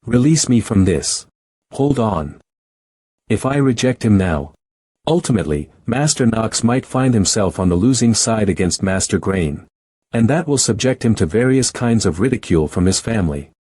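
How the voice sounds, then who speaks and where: Husky low-voiced man narrating. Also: animated, moderate pace, darkish tone, no echo. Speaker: recap narrator. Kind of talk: scripted story narration.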